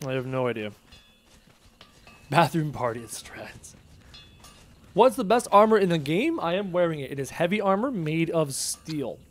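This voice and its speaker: This male livestreamer speaks at a moderate pace in a higher voice, pausing often as he plays his game. He keeps things casual and animated, joking and reading chat messages aloud.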